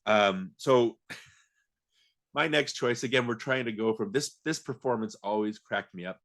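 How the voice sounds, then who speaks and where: A man's voice: on the low side, a little slow, creaky, a bit bright. A man hosting a podcast, talking casually and laughing as he acts out movie lines. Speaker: podcast host.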